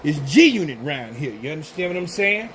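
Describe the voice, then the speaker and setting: A man's voice: on the high side, big pitch swings, brisk. A middle-aged man hosting a casual livestream on his phone while walking around at work. He rambles and keeps asking if listeners understand what he's saying. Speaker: livestream host. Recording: loud vehicle noise behind.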